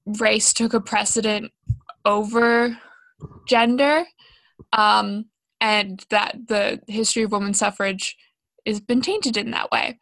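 A woman's voice: medium pitch, steady tone, takes it slowly, vocal fry, fairly bright tone, no echo. A young woman co-hosting a casual educational podcast, chatty and self-deprecating, with plenty of ums and likes. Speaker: podcast co-host.

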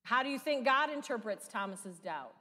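A woman's voice: fairly high pitch, lively intonation, moderate pace, pushed and bright, slightly rough. A woman pastor with a Midwestern American accent, preaching a sermon in a conversational style full of rhetorical questions. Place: church sanctuary. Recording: long church reverb.

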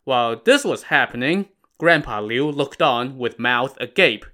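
A man's voice: medium pitch, animated, measured pace, bright, forceful tone. A man narrating a classic tale in a casual, wry style with modern slang. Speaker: storyteller.

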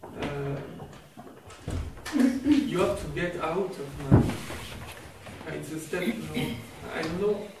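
Tentative higher-voiced man in an echoey hall. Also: slow pace, long pauses. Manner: tentative, searching for words. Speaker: retreat participant. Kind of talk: hesitant question. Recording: echoey hall from far off with hiss.

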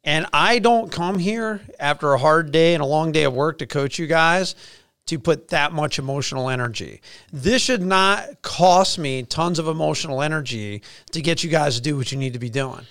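Chatty pastor hosting a podcast. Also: male voice, fairly high pitch, moderate pace, smooth, no echo, studio quality. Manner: energetic, chatty storyteller. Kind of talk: casual podcast conversation.

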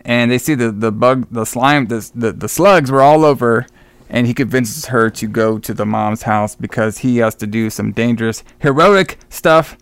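Recapping a horror movie on a podcast he co-hosts, a man rambles and keeps restarting and repeating his words over the scenes. His voice is mid-range and smooth at a moderate pace, recorded dry.

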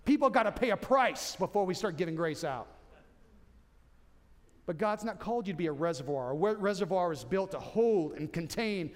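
A man's voice: high voice, lively intonation, normal speed. A man preaching a sermon as pastor, emphatic, repeating key points and restarting phrases.

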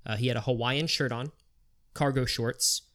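Podcast host, male, casual storyteller, lively quoting of others. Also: mid-range voice, moderate pace. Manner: animated retelling with quoted voices, swearing.

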